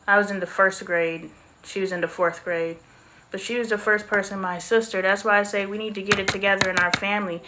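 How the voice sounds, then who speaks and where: Livestream host: woman, 40s, middle pitch, frank and chatty. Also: noisy background. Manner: candid, chatty storytelling. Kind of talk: casual live-stream chat.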